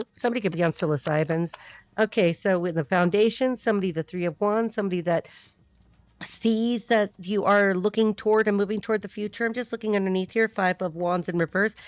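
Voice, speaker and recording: A woman's voice: medium pitch, no echo. Chatty woman giving a tarot reading. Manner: chatty, laughing often, quick asides. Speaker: tarot reader.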